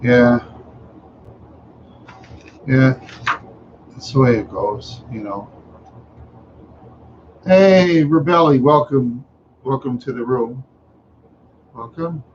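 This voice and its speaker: A man's voice: mid-range voice, animated, very slow, pauses often, a little mellow, lo-fi sound, a little hiss or hum. A tired, yawning man hosting a casual livestream chat, rambling along with many fillers and trailing asides. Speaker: livestream host.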